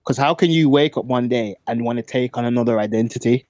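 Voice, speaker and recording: A man co-hosting a casual talk show, cutting in with quick, halting remarks. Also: medium pitch, a little mellow, dry recording, lo-fi sound. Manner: quick, halting, restarts often. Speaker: podcast co-host. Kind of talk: casual discussion.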